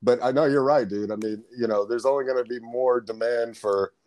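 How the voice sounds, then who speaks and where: Male podcast guest, casual rambling storyteller, mid-pitch, close dry mic. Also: fairly even intonation, fairly quick, a little mellow, dry recording. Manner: rambling storyteller, swears, laughs often. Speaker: guest, comedian and background actor. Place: lives in Florida.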